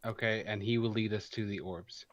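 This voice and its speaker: A man's voice: fairly low pitch, steady tone, normal speed, highs cut off, a crowd in the background. Man, tabletop player, casual, inquisitive. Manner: casual, thinking out loud. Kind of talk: tabletop game play.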